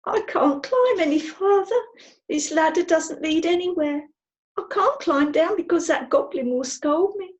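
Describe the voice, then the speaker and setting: A woman voicing a frightened, stubborn little girl in a storybook reading, with a high, shrill, sobbing voice. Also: expressive, a little slow, lo-fi sound. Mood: whining.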